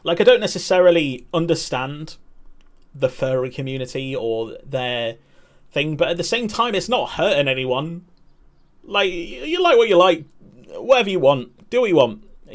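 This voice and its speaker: A young man chatting candidly and rambling on a live stream, swearing and laughing often. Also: medium pitch. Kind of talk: casual chat.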